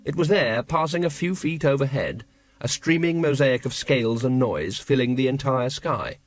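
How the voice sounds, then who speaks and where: A man narrating an audiobook in a measured, wry storytelling manner. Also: medium pitch, faint music behind. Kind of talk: scripted narration.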